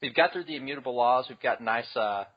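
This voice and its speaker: A man's voice: mid-range voice, fast, highs cut off. A man co-hosting a casual podcast, making dry wisecracks. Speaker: podcast co-host.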